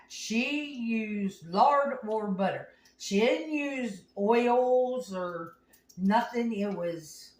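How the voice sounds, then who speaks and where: A woman hosting a home cooking show, telling rambling, folksy stories in a casual way as she cooks. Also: a little high. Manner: folksy, rambling, homespun phrasing. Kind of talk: casual storytelling while cooking. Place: home kitchen. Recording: echoey room, mic at a distance.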